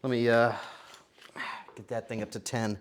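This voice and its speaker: A man live-streaming himself baking, joking to his chat and swinging between quiet mutters and loud outbursts. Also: mid-range voice, little pitch movement, moderate pace, slight background noise. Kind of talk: casual live-stream commentary while baking.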